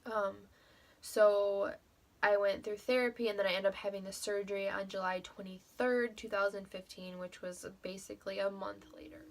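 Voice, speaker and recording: A woman's voice: medium pitch, steady tone, moderate pace. Young woman vlogger, casual storytelling, emotional, salty language. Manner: emotional, swears freely, many "like" fillers.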